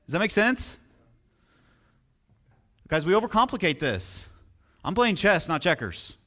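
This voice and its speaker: A man's voice: sits high, a little slow. Emphatic man coaching sales. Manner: energetic, emphatic, asks the audience questions. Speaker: real estate sales coach. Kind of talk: sales training talk.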